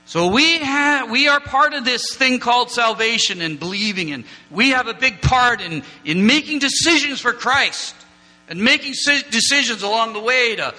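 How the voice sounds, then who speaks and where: A man leads an informal church lesson from slides, wandering into asides and light jokes with the group. His voice is a touch high for a man and cuts through crisply. A long hall reverb and a low electrical hum sit behind him. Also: sharp tone. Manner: chatty, digressive, joking asides with the class. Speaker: church teacher. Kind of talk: informal classroom lecture with slides.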